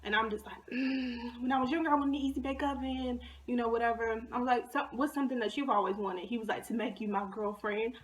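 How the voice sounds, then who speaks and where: A young woman vlogger telling a personal story in a casual, slangy way, acting out her own past lines and dropping into hushed asides. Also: fairly high pitch, steady tone, a little fast, hardly any pauses. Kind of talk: storytime vlog.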